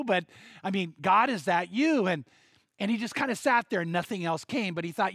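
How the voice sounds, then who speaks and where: A man's voice: high-pitched, expressive, brisk, fairly bright tone, dry recording. A man preaching a sermon, telling a story and acting out the voices of the people in it. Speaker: pastor.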